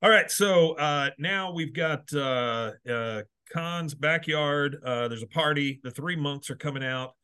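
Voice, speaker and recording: A man's voice: fairly high pitch, bright, forceful tone, clear, resonant tone. A man hosting a casual podcast, retelling cartoon scenes and quoting lines, hesitant with many fillers. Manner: reads out quotes in quick bursts, hesitant with many uhs. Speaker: podcast host recapping a cartoon episode.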